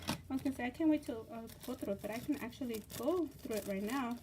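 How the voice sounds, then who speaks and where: A woman hosting a casual craft unboxing vlog, gushing and excitable, with lots of fillers and repeated words. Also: fairly high pitch, fast talker, noisy background. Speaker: craft channel host.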